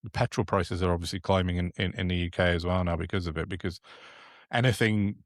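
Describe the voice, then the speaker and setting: A man's voice: low voice, fairly even intonation, quick pace, no room sound, studio quality. A man co-hosting a podcast, chatting casually and indignantly about the news, often restarting his sentences. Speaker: podcast co-host. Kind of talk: casual political chat.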